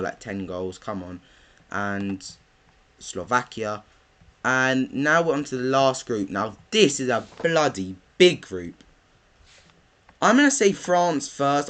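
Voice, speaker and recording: A young man, chatting casually through his football predictions, thinking aloud with lots of ums. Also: lowish voice. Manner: rambling, thinks aloud with many ums, bursts into excited chanting. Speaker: football vlogger.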